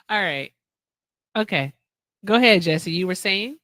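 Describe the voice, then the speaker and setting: Lively joking woman hosting a stream. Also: fairly low pitch, takes it slowly, dry recording. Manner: loud, joking, teasing, laughs often. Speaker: host. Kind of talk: casual livestream chat.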